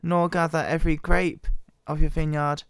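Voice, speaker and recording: A woman with a bad cold, hoarse and quiet, her voice wobbling as she reads scripture aloud close to the microphone. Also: flat delivery, dry recording. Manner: quiet, halting, voice wobbling in pitch. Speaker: Bible reader. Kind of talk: slow scripture reading.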